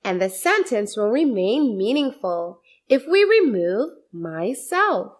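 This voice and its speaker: A woman gives a scripted grammar lesson, explaining slowly and deliberately and repeating many example sentences. Her voice sits on the high side and is very animated.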